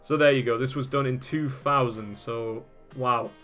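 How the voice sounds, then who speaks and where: A man hosts a video in which he reads old web pages aloud and chats about them with casual amusement, laughing and swearing often. His medium-pitched, slightly bright voice has fairly even intonation at normal speed, with faint music behind.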